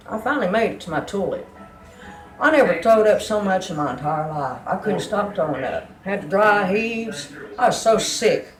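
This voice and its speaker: A woman's voice: lowish voice, roomy sound, low-quality recording. A woman giving a fervent, emotional religious testimony.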